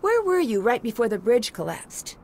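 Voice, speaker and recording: Earnest young girl detective in a game, slightly high voice, curious questioning. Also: sing-song, normal speed, a little mellow, slight background noise. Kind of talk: video game voice acting.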